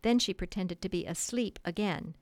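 A woman reading a children's classic aloud in a measured, expressive storytelling manner. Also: medium pitch, no echo. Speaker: audiobook narrator. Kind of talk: scripted narration. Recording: dry close studio sound.

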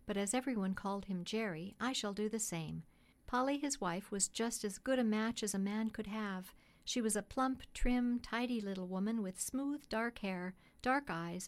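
A woman narrating a classic storybook in a steady, gentle, measured way. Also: mid-range voice. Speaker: audiobook narrator.

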